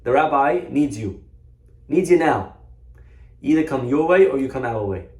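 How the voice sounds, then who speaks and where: A man's voice: fairly low pitch, steady tone, fast, a little mellow, roomy sound, natural voice. A man voicing firm, pushy male officers who insist.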